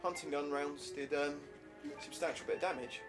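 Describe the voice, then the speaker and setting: A man's voice: fairly high pitch, steady tone, normal speed, poor audio. A man casually commentating on his own gameplay, swearing now and then at setbacks. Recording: game music under the voice.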